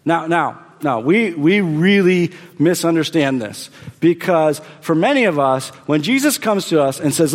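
A man delivers a sermon as pastor in a somewhat high voice, repeating key phrases for emphasis. His delivery swings between raised, forceful lines and quiet, hushed ones. The sound carries a long hall reverb. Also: animated, unhurried.

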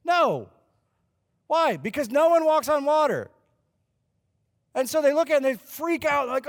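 A man preaching a sermon as a pastor, telling the story lively and acting out the lines people say. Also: very high voice, unhurried, long pauses. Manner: animated storyteller who acts out quoted lines. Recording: long hall reverb.

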